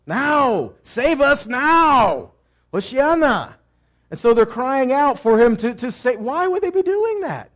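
A man teaching a sermon who asks questions and answers them himself, moving between loud cries and quiet asides. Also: on the high side. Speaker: messianic teacher.

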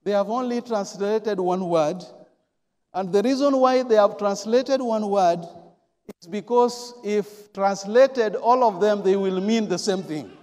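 Man, pastor, sermon, very high voice, slow unhurried delivery, emphatic repetition, long church hall reverb. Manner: emphatic, repeats key words, swings from quiet to loud.

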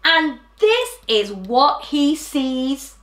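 A woman reading a rhyming picture book aloud to children in an animated, sing-song way, then talking to them directly. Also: high voice, very slow, echoey room. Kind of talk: storybook read-aloud for children.

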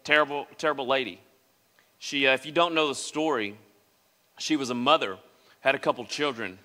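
A man's voice: mid-range voice, fairly quick, pauses often, sharp tone. A man preaching a sermon in a church, delivering it dramatically and acting out the voices of the people he quotes. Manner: dramatic, acts out quoted speech. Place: church sanctuary. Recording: reverberant church hall.

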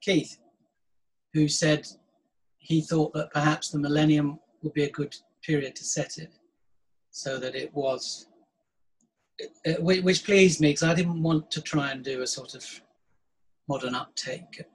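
Husky-voiced man, wry and thoughtful. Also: fairly high pitch, fairly even intonation, measured pace, pauses often, poor audio. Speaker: writer guest. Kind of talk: casual chat.

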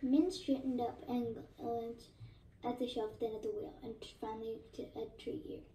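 A woman reading a novel aloud in a steady voice, with small slips she corrects. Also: fairly high pitch, normal speed, distant mic, slight background noise. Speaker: narrator. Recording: echoey room, voice off-mic.

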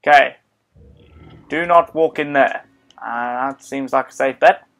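A man commenting on his own gameplay in an excitable, joking way, often exclaiming to himself. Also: mid-range voice, measured pace, creaky. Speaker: gaming video host. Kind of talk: let's play commentary.

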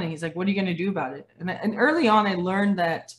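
A woman's voice: lowish voice, quick pace, hardly any pauses. A woman in her forties from Dominica who grew up in Canada, talking as a guest on a video call and acting out the voices in her stories. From Dominica, raised in Canada. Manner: animated storyteller, acts out quoted voices, laughs often. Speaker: guest speaker, former athlete.

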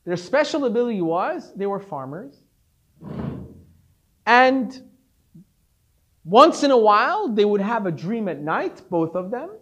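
A man teaching as a rabbi, telling a story in a conversational, animated way. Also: high-pitched, a little slow, long pauses, muffled recording. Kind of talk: Torah class storytelling.

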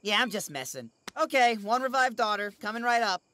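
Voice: mid-range voice, sing-song, a little fast, bright, forceful tone, no echo. An actor playing a mischievous prankster who talks in a teasing, sarcastic way.

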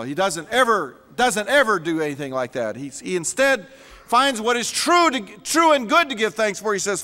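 A man's voice: high-pitched, very animated, normal speed, sharp tone, long reverb tail. A man preaching a sermon as a pastor, emphatic and repeating words for stress.

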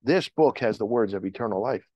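A man's voice: fairly low pitch, expressive, brisk, no room sound, highs cut off. A male pastor preaching a sermon in church, with impassioned rises and calls to the congregation. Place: church sanctuary.

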